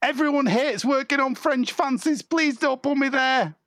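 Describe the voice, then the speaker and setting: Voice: sits high, moderate pace, a bit bright, dry recording, clean studio sound, pitched above the performer's own voice. A performer improvising a meek, gullible new trainee baker who hesitates a lot. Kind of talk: improv comedy scene.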